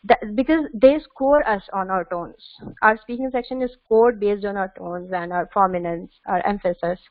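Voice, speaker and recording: A woman's voice: medium pitch, moderate pace, dry recording. A woman giving tips in an online webinar, hesitant with many fillers and restarts. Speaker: webinar presenter. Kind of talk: instructional webinar talk. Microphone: video call. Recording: tinny phone-like call audio.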